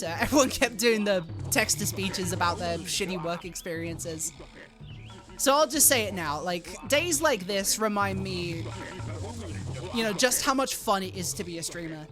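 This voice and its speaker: A young adult woman streaming live, chatting casually, swearing freely and squealing loudly when thanking donors. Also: lowish voice.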